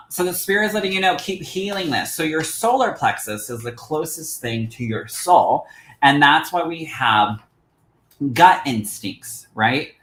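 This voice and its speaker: A man's voice: a little high, reverberant, a little hiss or hum, rough recording. A man hosting a live stream as a psychic medium, reading cards for viewers and calling them "my love". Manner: animated, affectionate, calls viewers "my love". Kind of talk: livestream card readings for viewers.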